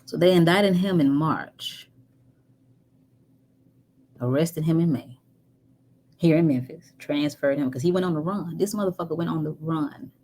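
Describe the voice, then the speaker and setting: A woman telling a painful personal story candidly, moving between animated talk and near-whispers. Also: low-pitched, unhurried, long pauses, slight background noise. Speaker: guest. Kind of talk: emotional storytelling.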